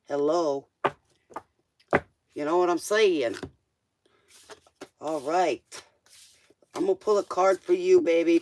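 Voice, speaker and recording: A man's voice: fairly high pitch, noisy background. A man doing a live-stream tarot reading, casual and joking, talking straight to the viewer in loose, slangy speech. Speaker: tarot reader.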